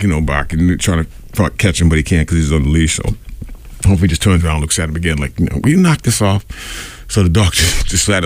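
A man's voice: low voice, dry recording. A man hosting a radio show, telling a rambling anecdote full of fillers and acting out the voices of the people in it. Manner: rambling, filler-heavy, acts out quoted voices. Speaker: radio host. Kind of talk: casual storytelling on radio.

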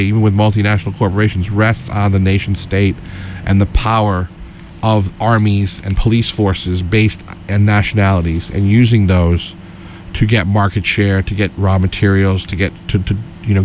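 A man's voice: on the low side, a little mellow, a little hiss or hum. A middle-aged man co-hosting a political radio show, talking casually and rambling with many restarts and fillers.

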